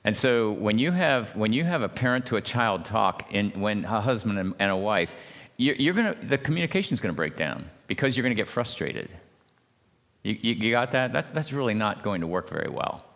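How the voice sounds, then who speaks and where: A man with a fairly low voice leads a church marriage seminar. He talks haltingly, restarting his words and often checking in with "okay?". His voice rings out with a long reverb in a church hall. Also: big pitch swings, creaky, a bit bright.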